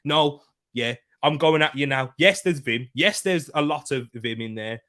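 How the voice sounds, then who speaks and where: With a mid-range, slightly bright voice and a somewhat slow delivery, a young man runs a casual live-stream chat during a football watchalong. He banters with viewers, often laughs and reads their chat comments aloud.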